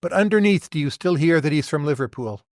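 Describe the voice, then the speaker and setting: A man's voice: a little high, lively intonation, quick pace, dry recording, clean studio sound. An American man hosting an interview, asking direct, analytical questions. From United States. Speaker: podcast host, interviewer.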